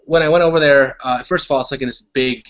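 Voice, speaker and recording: A man's voice: mid-range voice, steady tone, fast talker, a bit bright. A young man telling a long story on a casual podcast chat, rambling with lots of restarts. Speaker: podcast guest. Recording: dull lo-fi audio.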